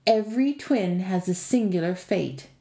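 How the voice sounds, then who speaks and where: Brief: woman reader voicing a gentle young teller of tales, calm, roomy. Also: on the low side, moderate pace.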